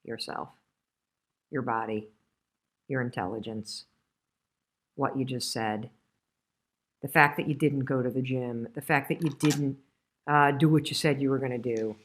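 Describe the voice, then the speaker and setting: Low-voiced woman giving a motivational talk. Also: fairly even intonation, a little slow, pauses often. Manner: candid, emotional storytelling. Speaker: motivational speaker.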